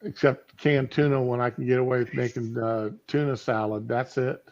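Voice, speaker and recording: Gravelly man chatting on a stream. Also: mid-range voice, fairly even intonation, moderate pace, darkish tone. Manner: rambling, with fillers. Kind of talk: casual chat. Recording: lo-fi stream audio.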